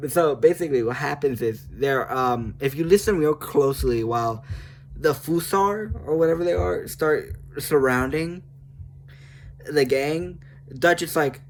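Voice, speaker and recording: Man, casual video chat, rambling, laughs often, self-mocking, mid pitch. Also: lively intonation, normal speed, slight background noise. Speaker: video creator.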